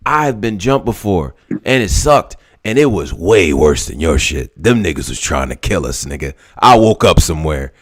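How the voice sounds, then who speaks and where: This man hosts a casual group podcast. His pitch swings widely as he makes his points, and he turns loud and emphatic when he addresses someone directly. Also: very animated, moderate pace, hardly any pauses. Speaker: podcast host.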